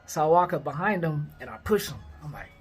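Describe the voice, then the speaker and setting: A man in his thirties from the Sacramento area of California, casually telling a personal story with lots of fillers and lively quoted dialogue. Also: fairly high pitch, fairly quick, faint music behind. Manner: rambling, heavy on fillers, lively when quoting others. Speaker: vlogger.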